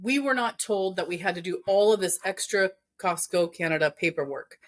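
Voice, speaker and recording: A woman's voice: fairly low pitch, fairly quick. Earnest woman telling a story. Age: 40s. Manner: earnest, storytelling, faith-filled, many fillers. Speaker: entrepreneur guest. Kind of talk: casual interview chat.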